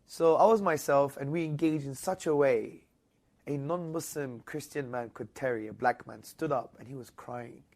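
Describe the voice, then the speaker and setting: A man with a British accent, a guest in an interview, telling a story with lively energy and rising, loud bursts when he quotes people. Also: mid-range voice, normal speed.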